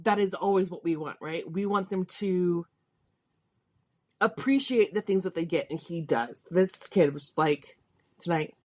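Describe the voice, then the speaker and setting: A woman's voice: on the low side, a little slow, a little mellow. A middle-aged woman hosting a podcast, telling a personal story in a chatty, candid way. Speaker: podcast host.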